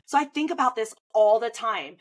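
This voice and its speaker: A woman's voice: fairly high pitch, moderate pace, poor audio. A woman in her thirties, a swim coach, talking casually and animatedly, with lots of "like" fillers. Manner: chatty, frequent "like" fillers, animated retelling. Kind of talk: casual conversation.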